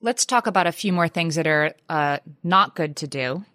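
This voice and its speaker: A middle-aged woman explains parenting advice in a calm, measured tone during casual podcast chat. Her voice is very low for a woman. The recording is dry and close. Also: no room sound. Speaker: podcast co-host.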